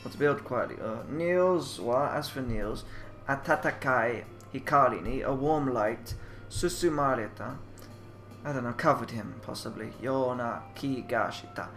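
A young man narrates a game playthrough, translating its Japanese text as he goes. He thinks aloud, trails off and doubts his own guesses, at a middling pitch, with game music playing softly behind him. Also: a little slow. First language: English. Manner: muses aloud, trailing off and second-guessing himself. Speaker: let's player.

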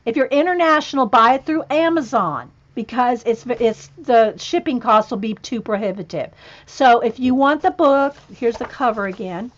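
With a fairly high pitch and lively intonation at a moderate pace, a woman hosts a casual livestream, chatting to viewers while paging through a coloring book. She's chatty and often chuckles, reading out spellings and checking pronunciations. The livestream audio is muffled and lo-fi.

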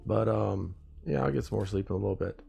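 A tired man with a deep, heavily gravelly voice hosts a casual morning live stream. He rambles in a husky, groggy tone and greets viewers one by one. A faint colours his speech, with soft music in the background. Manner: rambling, greets viewers by name, drawn-out phrasing. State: tired, groggy after little sleep.

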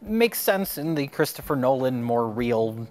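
A man's voice: medium pitch, sing-song, a little slow, darkish tone. A man cohosting a casual film review chat with dry, sarcastic humor.

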